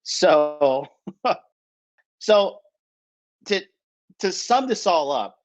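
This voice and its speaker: A man's voice: sits high, animated, extremely slow, highs cut off. A man telling a story in a casual, rambling way, swearing often and tagging lines with "right?". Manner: profane, rambling, keeps asking "right?". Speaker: podcast storyteller.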